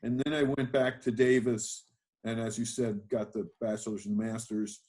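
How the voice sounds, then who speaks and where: A man's voice: mid-range voice, little pitch movement, normal speed, a little mellow. Older man telling rambling stories. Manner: rambling, self-deprecating, with fillers and restarts. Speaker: guest, winemaker. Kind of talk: storytelling interview.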